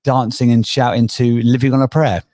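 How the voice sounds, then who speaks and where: A man's voice: medium pitch, fairly even intonation, moderate pace, crowd noise. A man hosting a live online audio room, joking and self-deprecating in casual chat. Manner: jokey, rambling, self-deprecating. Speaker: host.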